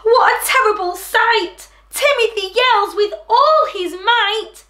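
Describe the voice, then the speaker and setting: A woman reading a rhyming picture book aloud to children in an animated, sing-song way, then talking to them directly. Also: very high voice, slow pace, roomy sound, noisy background. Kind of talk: storybook read-aloud for children.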